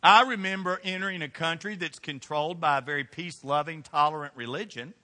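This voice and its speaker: A man preaching a sermon in church, swinging between loud calls and hushed asides. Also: a little high, a little fast.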